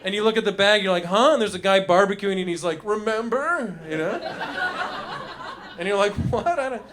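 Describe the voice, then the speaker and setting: A high-pitched man on a comedy club stage, talking into a handheld mic. He rambles loosely through his bits and riffs with the audience, slipping into quick character voices. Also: steady tone, crowd noise. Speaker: stand-up comedian. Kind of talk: live stand-up with crowd work. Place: comedy club stage before a laughing crowd.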